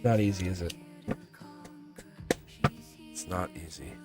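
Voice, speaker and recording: A man's voice: low voice, takes it slowly, over loud music. A man giving live-stream tarot readings to viewers in a rambling, earnest way, often restarting his sentences and getting emotional.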